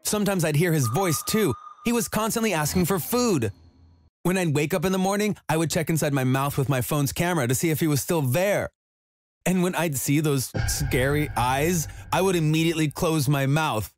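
Guy reading a first-person story, steady and measured, soft music under it. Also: on the high side. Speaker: narrator.

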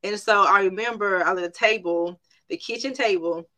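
A middle-aged woman tells a personal faith testimony with a bright, sharp tone. She speaks emphatically, repeats her phrases for weight and keeps addressing her listeners directly. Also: mid-range voice, fairly quick. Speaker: private practice owner.

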